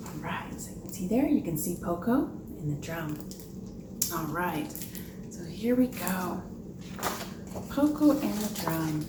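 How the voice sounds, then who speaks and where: A children's librarian leading a preschool storytime, upbeat and chatty, asking the little ones questions as she explains. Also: medium pitch. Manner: upbeat, talks to young children, asks questions. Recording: echoey room with background noise.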